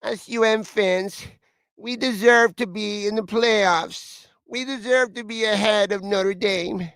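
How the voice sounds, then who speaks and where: A man's voice: sits high, steady tone, slow, a bit bright, smooth, no echo, pitched above the performer's own voice, exaggerated voice. A man putting on a whiny voice to mock a young college football fan.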